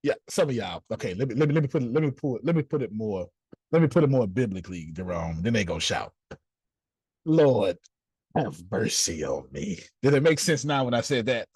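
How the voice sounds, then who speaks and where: A man's voice: mid-range voice, animated, quick pace, a little mellow, slightly rough, no echo. A man teaching a group class in a preachy, playful way, acting out little scenes, with speech. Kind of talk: animated group teaching talk.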